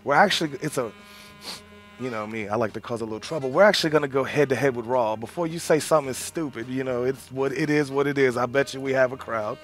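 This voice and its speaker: Man in middle pitch, pro wrestler guest, brash taunting promo delivery, light music under. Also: fast talker. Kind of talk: trash-talking studio banter.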